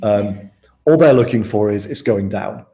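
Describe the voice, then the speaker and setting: A man's voice: lowish voice, a little slow, creaky, warm tone, roomy sound. A young man tutoring students through an exam paper in a casual, chatty way, asking them questions as he goes. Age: young adult. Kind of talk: live online tutoring session.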